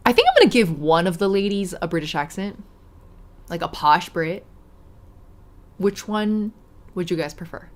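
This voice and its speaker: Chatty giggly girl streaming a game, reads the story bits out loud all dramatic. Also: on the low side, sing-song, normal speed, pauses often. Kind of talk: casual let's-play chat, reading a visual novel aloud.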